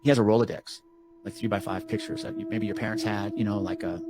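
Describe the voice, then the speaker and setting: A man telling a story in a rambling, profane, animated way on a casual podcast. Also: fairly low pitch, quick pace. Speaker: storyteller recounting a work call.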